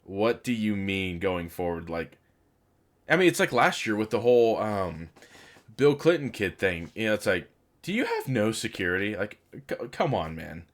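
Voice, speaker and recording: A man's voice: on the low side, sing-song, moderate pace. A young man in casual, frustrated commentary, rambling with fillers and swearing. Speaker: video game commentator.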